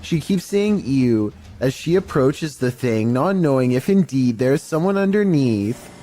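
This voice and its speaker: Man, narrator, scripted, measured, mildly spooky, dark mellow timbre. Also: mid-range voice, expressive. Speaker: narrator of a paranormal clip compilation.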